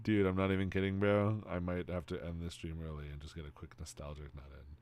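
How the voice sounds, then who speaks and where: A young man streaming live, reading and answering chat in an excitable, casual way, swearing freely and calling everyone "bro". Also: low voice, quick pace, hardly any pauses.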